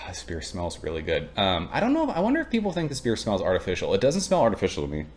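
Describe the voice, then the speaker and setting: A man's voice: low voice, wildly swooping pitch, fast, slight background noise. A man chatting casually as he reviews a beer, rambling, blunt and profane, with lots of ums and uhs. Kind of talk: casual chat.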